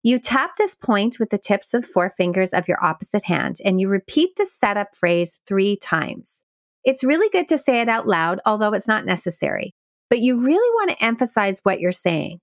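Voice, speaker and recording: A woman podcast host calmly explaining a self-help technique step by step, playing with stress on certain words. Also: medium pitch, moderate pace, dry recording, studio quality. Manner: calm, guiding, plays with stress on words. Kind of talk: instructional explanation.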